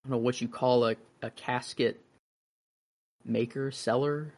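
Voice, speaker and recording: A relaxed young man talks over a film with a friend. He hesitates and swears casually, and now and then mimics the people in the story. His voice sits in a middle register. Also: mid-range voice, measured pace. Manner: laid-back, swears, hesitant, mimics characters. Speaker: podcast co-host.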